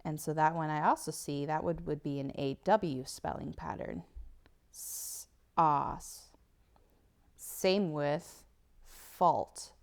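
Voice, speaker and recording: Low gravelly lady teacher, sounding out words slow n patient on a phonics lesson. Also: steady tone, a little mellow. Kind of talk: phonics lesson over slides. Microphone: tablet whiteboard recording.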